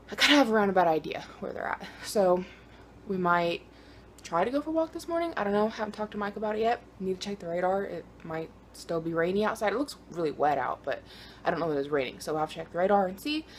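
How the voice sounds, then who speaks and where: Twenties woman, casual vlogger, talks to her phone camera, bubbly and giggly, faint hiss behind. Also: lowish voice. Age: 20s. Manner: chatty and easily excited, laughs often. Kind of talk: casual vlog chat to camera.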